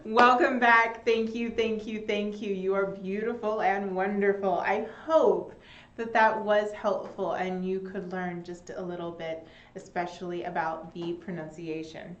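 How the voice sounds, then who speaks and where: Woman, young adult, teaching English online, slow speech, medium pitch, roomy echo. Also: dull audio, slight background noise. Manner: slow and animated, with Spanish glosses. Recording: echoey room.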